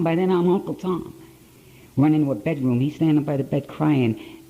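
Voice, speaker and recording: A man's voice: on the high side, moderate pace, warm tone, lo-fi sound. An older man with an Ohio accent telling a blunt, repetitive story to a conference audience. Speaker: speaker at a recovery conference. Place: conference hall, live talk to an audience.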